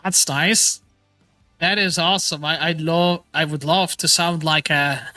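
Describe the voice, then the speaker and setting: A man's voice: on the high side, steady tone, unhurried, bright, forceful tone, dry recording, faint music behind. A man hosting a casual livestream chat, enthusiastic and laughing often. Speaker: livestream host.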